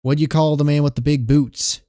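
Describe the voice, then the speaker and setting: A man's voice: fairly high pitch, steady tone, a little fast, warm tone, no room sound, clean studio sound, lightly acted. A man voicing a grim, terse gunman from the old frontier, drawling short questions in a storybook reading. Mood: menacing.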